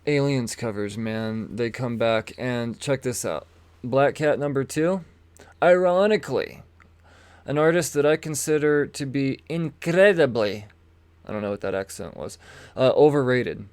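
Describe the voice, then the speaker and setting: A man's voice: mid-range voice, a little slow, clear, resonant tone, no echo. Eager stammering man with a dry close sound. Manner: enthusiastic, rambling, stammers on repeated words, swears casually. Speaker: comic book podcast host. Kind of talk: casual solo talk showing comics.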